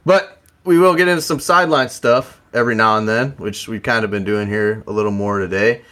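Young guy on a sports podcast, lowish voice, swears a lot, laid back banter. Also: fairly quick, a bit bright. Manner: profane, laughing banter. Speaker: podcast co-host. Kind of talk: casual sports chat.

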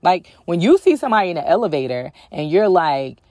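A woman's voice: fairly low pitch, sing-song, fairly quick, darkish tone, no room sound, studio quality. A woman telling a personal story in a casual way, with lots of ums and acted-out bits of dialogue. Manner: chatty, frequent ums, acts out other people's lines.

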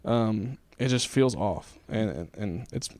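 A man's voice: on the low side, animated, slow, a little mellow, no room sound. A man hosting a podcast, talking thoughtfully with lots of hesitations in casual chat. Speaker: podcast host.

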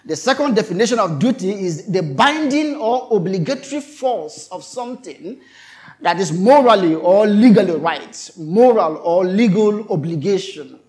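A man's voice: sits high, animated, moderate pace, a little mellow. A male pastor preaching a sermon, emphatic and repetitive, often turning to question his congregation.

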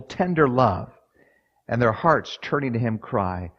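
A man preaching a sermon, moving from quiet personal storytelling to loud, dramatic scripture readings. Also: mid-range voice, expressive, measured pace.

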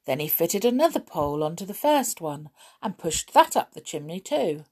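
A woman reading a children's storybook aloud in an expressive, measured storytelling manner. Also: on the low side, breathy edge.

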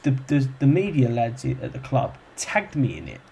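A young man talks in an easy, rambling way, stacking fillers and restarting his sentences. His voice sits at an ordinary middle pitch. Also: wildly swooping pitch, normal speed, gravelly, dark tone, slight background noise. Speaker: football club kit man, podcast guest. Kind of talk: casual chat, storytelling.

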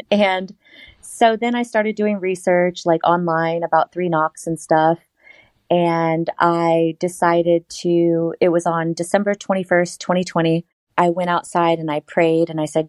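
A woman telling a personal story in a casual interview, animated and laughing often. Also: a little slow, dry recording. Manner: animated, laughs often, quotes herself in a higher voice. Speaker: interview guest.

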